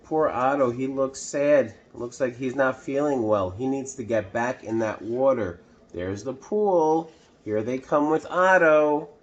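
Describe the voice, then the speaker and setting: A man reading a picture book aloud to children, pausing to ask the listener questions. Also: mid-range voice, muffled recording. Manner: slow, asks the listener questions. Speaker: children's storytime reader.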